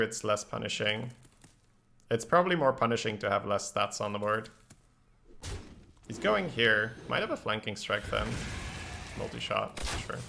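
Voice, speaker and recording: A man's voice: fairly low pitch, vocal fry, noisy background. A man streaming a card game, talking through his plays in casual, analytical commentary and laughing easily. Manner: analytical, thinks aloud about plays.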